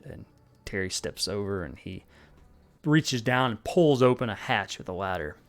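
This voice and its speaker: A man narrating as game master of a tabletop role-playing game, halting with fillers as he describes the scene. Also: fairly low pitch, animated, fairly bright tone.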